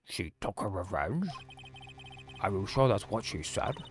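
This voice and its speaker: A man voicing a flustered elderly male judge in slow, measured courtroom tones. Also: lowish voice, lively intonation, faint music behind.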